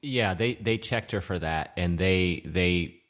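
Man, very low voice, plainspoken husband chiming in on a podcast. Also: takes it slowly, fairly bright tone. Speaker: guest, the host's husband. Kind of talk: casual chat.

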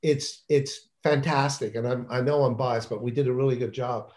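A man's voice: mid-range voice, fairly even intonation, normal speed, a little mellow. A man talking about his children's book in a casual interview, enthusiastic and rambling, often restarting his sentences.

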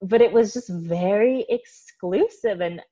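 An American woman telling stories as a podcast guest, animated and quick to laugh. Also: medium pitch, breathy edge, highs cut off. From United States. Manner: animated storyteller, laughs often. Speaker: guest, olive oil producer. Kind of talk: casual interview storytelling.

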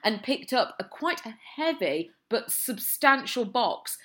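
A woman's voice: on the high side, a little slow. A woman co-hosting a podcast, chatting casually and telling a story with lots of laughter. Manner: giggly, storytelling, animated. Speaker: podcast co-host. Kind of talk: casual chat.

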